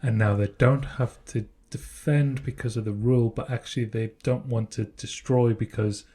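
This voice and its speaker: A man's voice: medium pitch, fairly even intonation, normal speed, mellow, husky. A man co-hosting a podcast, talking casually and reasoning through ideas step by step. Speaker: podcast co-host. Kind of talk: casual chat.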